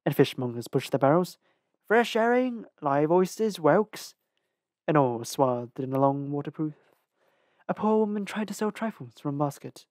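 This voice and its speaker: A reader narrates a storybook chapter in a measured, careful voice of middling pitch. The pacing is deliberate, with a small restart here and there. The sound is close and completely dry. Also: darkish tone, no room sound. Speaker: audiobook reader.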